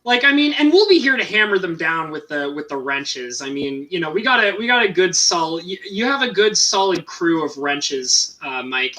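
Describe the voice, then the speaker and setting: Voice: medium pitch, big pitch swings, normal speed, few pauses, bright, forceful tone, poor audio. Young streamer chatting into a computer mic, voice bouncing up and down a lot, kinda rambly with lots of um and like. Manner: rambling, with frequent restarts and fillers. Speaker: live-streaming artist painting cards. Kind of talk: casual live-stream chat.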